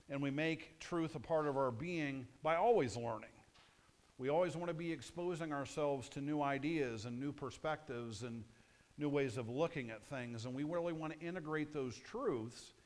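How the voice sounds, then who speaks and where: Male pastor, sermon, conversational and punchy, asks the congregation questions, mid-pitched voice.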